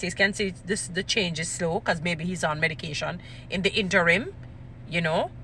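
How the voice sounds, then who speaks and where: Woman riffing on stuff, bright voice, gets real animated, faint background hum. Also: on the low side. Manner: animated, emphatic, repeats phrases. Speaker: commentator. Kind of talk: casual commentary.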